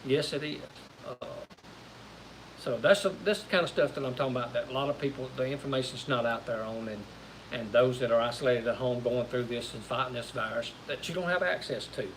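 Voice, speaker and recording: A man talking casually on a home live-stream, his voice pitched at an ordinary middle. He rambles in a folksy way, repeating himself as he goes. A faint hiss sits under the recording. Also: fairly quick, a bit bright, rough recording. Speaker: co-host of a homestead live-stream.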